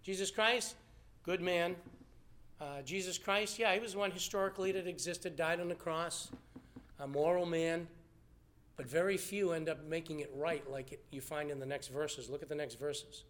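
A man preaching a sermon, animated, acting out the people he quotes. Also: on the high side, normal speed. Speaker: pastor.

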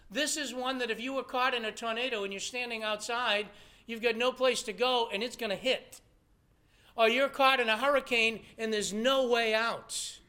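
A man delivering a sermon in a very high, bright voice. He preaches emphatically, pressing his points with rhetorical questions. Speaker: pastor.

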